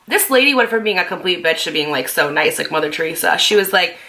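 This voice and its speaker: Chatty bright-voiced young woman. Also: lowish voice, fairly quick, hardly any pauses. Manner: chatty and animated, swears freely, acts out quotes. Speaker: YouTuber telling a story. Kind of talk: casual storytime monologue.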